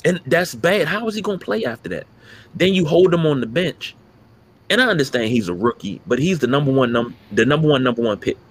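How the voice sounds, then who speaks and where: A man's voice: fairly high pitch, lively intonation, a little fast, husky. A man co-hosting a casual sports talk podcast, emphatic and profane as he rants about players. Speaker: podcast co-host.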